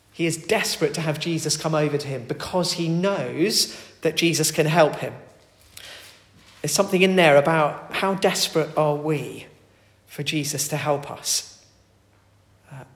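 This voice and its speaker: A man preaching a sermon, earnest, moving between loud emphatic calls and soft, quiet pleading. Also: on the high side. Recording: echoey hall with long reverb.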